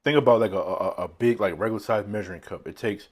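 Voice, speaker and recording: A mukbang vlogger eating indoors talks at a quick pace in a lowish voice. Rambling casually from thought to thought, he keeps chuckling at his own remarks while a phone on a tripod records the meal.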